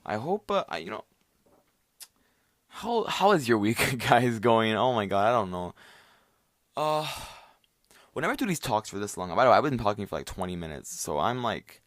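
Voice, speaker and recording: A man's voice: on the low side, big pitch swings, a little fast, a bit bright, no echo, studio quality. A young man hosting a solo podcast, rambling with lots of fillers and restarts, tired and worn out. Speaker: podcast host.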